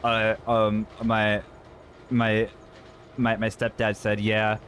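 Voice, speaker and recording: A man with a somewhat low voice streams a horror game and chats with his co-player. He talks in halting bursts, full of "uh" and "um" and restarted sentences, with quick, mumbled asides. A faint noise hums under his voice. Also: monotone, fairly bright tone. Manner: stammering, full of fillers and restarts. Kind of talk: casual chat while gaming.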